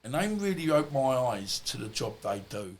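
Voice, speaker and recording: A man's voice: medium pitch, sing-song, moderate pace, a little hiss or hum. A middle-aged man, a former boxer and podcast guest, telling casual stories in a rambling, anecdotal way full of asides. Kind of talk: casual storytelling.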